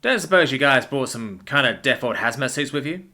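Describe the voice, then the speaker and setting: A man's voice: mid-range voice, animated, brisk, bright, forceful tone. A man voicing a blunt, matter-of-fact soldier. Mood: practical.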